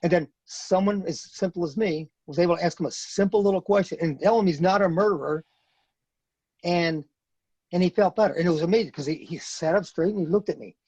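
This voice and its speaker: A man's voice: high voice, a little fast, darkish tone, breathy edge, no echo, low-quality recording. A man in his fifties, a retired Marine, telling a story as a podcast guest in a blunt, earnest way and repeating phrases for emphasis. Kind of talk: casual storytelling in a podcast interview.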